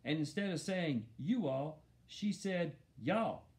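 A man narrating a children's novel in an expressive first-person storytelling voice. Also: fairly high pitch, measured pace. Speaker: audiobook narrator.

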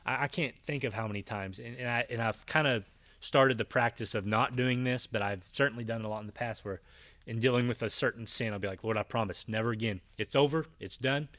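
A man's voice: medium pitch, fairly even intonation, fairly quick, sharp tone, no echo. A man preaching a conversational Bible-teaching sermon, retelling scenes with voiced quotes and frequent fillers and restarts. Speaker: pastor.

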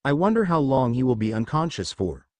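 A man's voice: medium pitch, sing-song, a little fast, no echo, lightly acted. A man voicing a worried, grandfatherly old village leader.

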